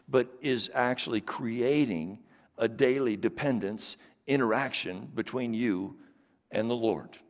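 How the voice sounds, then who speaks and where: A man's voice: mid-range voice, a little slow, big-room sound. A male pastor preaching a sermon, building emphasis through repeated phrases.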